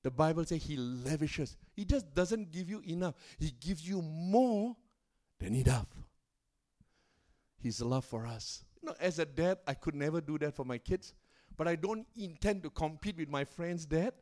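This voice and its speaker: A man preaching as a pastor at a church service, telling a story with rising and falling loudness and pace and calling out to the congregation for a response. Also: fairly high pitch, normal speed. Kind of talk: sermon storytelling.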